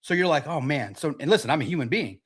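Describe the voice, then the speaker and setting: A man's voice: a little high, lively intonation, rapid-fire, slightly rough. A man in his forties hosting a sports podcast, talking in a brash, profane and boastful way in a casual livestream monologue. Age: 40s.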